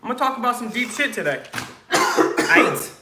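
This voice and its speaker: A man's voice: extremely high pitch, sing-song, normal speed, echoey room, heavy background noise. A man hosting a casual livestream, joking, rambling and crude as he talks to viewers. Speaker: livestream host.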